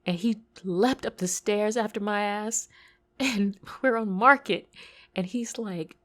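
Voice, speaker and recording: A woman with a lisp telling a personal story, intimate and tearful, slipping into whispers and bursting louder. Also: medium pitch, slow.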